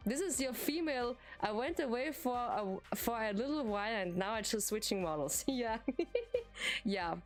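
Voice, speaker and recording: A woman's voice: a little high, animated, unhurried, soft background music. A woman streamer with a German accent, a native German speaker, chatting casually in English with lots of hesitations and giggles. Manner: hesitant, giggly, many fillers and restarts. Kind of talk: casual live-stream chat.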